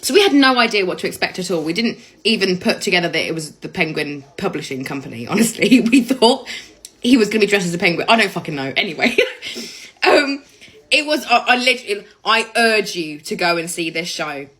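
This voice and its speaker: Sweary, lively woman vlogger. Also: medium pitch, fairly quick, rough recording. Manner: sweary, laughs loudly and often. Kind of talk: casual storytelling to camera.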